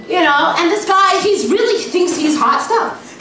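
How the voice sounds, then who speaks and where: A woman's voice: high voice, lively intonation, normal speed, few pauses, fairly bright tone, slight background noise. A woman doing a stand-up comedy set, chatty and rambling with plenty of fillers. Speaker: stand-up comic. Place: cafe stage, live comedy set. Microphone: far camera. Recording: echoey room from far off.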